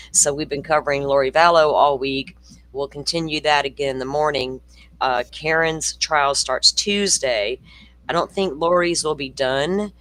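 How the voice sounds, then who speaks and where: A livestream host runs a true-crime stream in loose, rambling, friendly chat full of fillers. His medium-pitched voice is a bit bright, recorded with no echo but in low quality.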